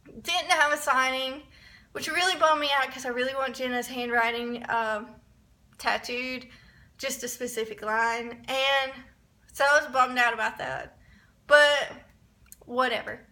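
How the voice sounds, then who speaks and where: A young woman telling a rambling, excitable story in a casual vlog, often restarting her sentences. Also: high voice, unhurried. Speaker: vlogger.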